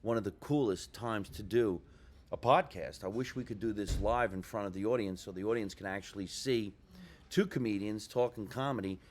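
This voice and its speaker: A man's voice: on the low side, moderate pace, a little hiss or hum. A male comedian hosting a podcast in a ship lounge, chatting enthusiastically and asking his guest questions. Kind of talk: casual podcast chat. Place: ship lounge before a show.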